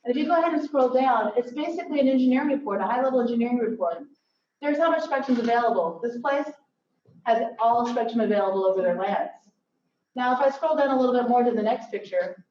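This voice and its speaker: Woman presenting at a workshop, kinda high voice, upbeat and jokey, picked up from far off in an echoey hall. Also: fast talker, a little mellow, dull audio, slight background noise. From Silicon Valley. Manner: upbeat, joking asides. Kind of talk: conference presentation. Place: lecture hall.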